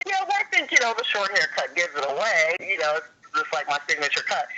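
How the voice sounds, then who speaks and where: Animated woman telling a story, bright tone. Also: lowish voice, brisk. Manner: animated storyteller, acts out quotes in a raised voice. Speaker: actor guest. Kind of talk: casual interview anecdote. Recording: dull lo-fi sound.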